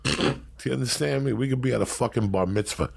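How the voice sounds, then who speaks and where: A middle-aged man telling crude, profane stories in a brash, animated way on a talk show. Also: mid-range voice, a little fast, gravelly, slightly rough. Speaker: storyteller guest. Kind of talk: profane casual storytelling.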